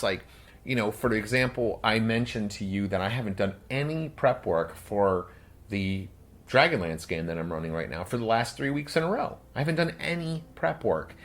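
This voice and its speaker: A man's voice: mid-range voice, big pitch swings, moderate pace. A man co-hosting a casual podcast who explains at length, with lots of "like" fillers. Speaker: podcast co-host and game master.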